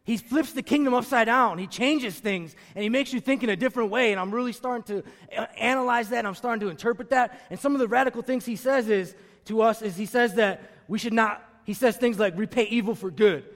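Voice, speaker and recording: A man with a high voice preaching a sermon, calling on the congregation to answer back and drumming in his main lines by saying them again and again. His voice rings out with a long reverb, as if he is in a big church sanctuary. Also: brisk, few pauses. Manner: call-and-response with the congregation; emphatic, repeats key phrases. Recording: long reverb of a large room.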